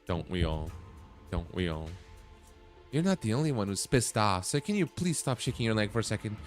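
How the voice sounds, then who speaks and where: A man's voice: on the low side, very animated, a little fast. A man streaming a game, reading its dialogue aloud and breaking off into blunt, swearing reactions. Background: faint game music.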